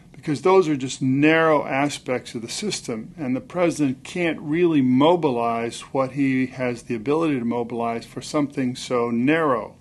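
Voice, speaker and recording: Brief: older ex-politician, confident emphatic case-making, average pitch. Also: male voice, moderate pace, few pauses. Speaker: former senator.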